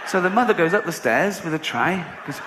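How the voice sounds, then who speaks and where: A man's voice: sits high, expressive, fairly quick. A middle-aged man from England, doing brash, profane stand-up storytelling. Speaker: comedian. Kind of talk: stand-up comedy. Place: live comedy venue. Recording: echoey live venue with room noise.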